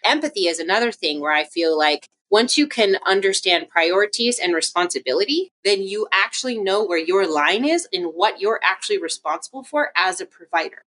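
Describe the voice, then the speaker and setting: A woman physical therapist speaks as a guest in a relaxed interview. She talks in a chatty, animated way and drops into acted-out quotes as she tells her stories. Her pitch sits in the middle range. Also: fairly quick, few pauses. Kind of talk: casual interview chat.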